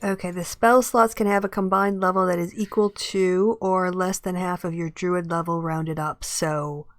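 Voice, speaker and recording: A woman's voice: on the low side, fairly even intonation, moderate pace, dry recording, clean studio sound. A woman playing a tabletop game over an online call, unsure and checking her numbers aloud. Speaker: player. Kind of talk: casual game chat.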